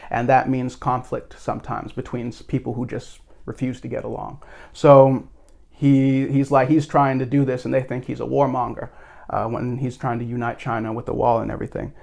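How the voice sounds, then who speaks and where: A man's voice: medium pitch, level tone, normal speed, vocal fry, a little mellow. A man hosting a video, talking through a movie in a rambling, casual, tongue-in-cheek way. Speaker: video host.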